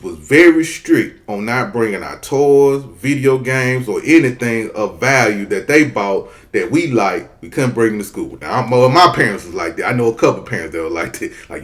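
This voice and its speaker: A man in his thirties telling a childhood story in a casual, profane, animated way. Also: on the low side. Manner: animated, profane, acts out voices.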